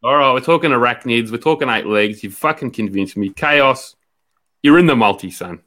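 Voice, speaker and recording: A man's voice: mid-range voice, normal speed, a bit bright. An Australian man co-hosting a casual sports betting podcast, swearing and bantering. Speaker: podcast co-host.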